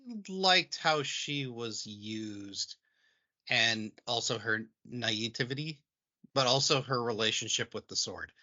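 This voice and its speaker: A man co-hosting a podcast with a very bright, tense, sharp tone. He explains in halting stretches, restarting and filling with "like", and the audio is dull and lo-fi. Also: medium pitch. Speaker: podcast co-host. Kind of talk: casual chat.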